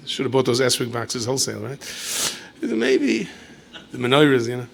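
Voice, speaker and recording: Animated storytelling rabbi, bright voice. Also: male voice, medium pitch, moderate pace, vocal fry. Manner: animated, lapses into playful asides and acted dialogue. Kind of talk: storytelling lecture.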